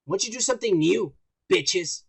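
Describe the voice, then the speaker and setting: Podcast co-host, male, higher voice, swears a lot, rambles through news items in loose banter. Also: expressive, normal speed, vocal fry, noisy background. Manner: profane, rambling, mocking news reading. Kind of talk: casual crude banter.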